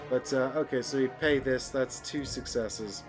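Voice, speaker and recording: A man's voice: medium pitch, fairly even intonation, unhurried. A man playing a board game and thinking aloud, sighing and cursing openly when things go wrong. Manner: emotional, sighs and curses at bad luck. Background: background music.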